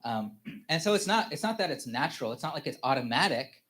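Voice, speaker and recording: A man in his thirties giving a personal testimony at a church family service, speaking haltingly with many fillers and restarts and chuckling often. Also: medium pitch, sing-song, fairly bright tone. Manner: halting, full of "you know" fillers and restarts; chuckles often while telling stories.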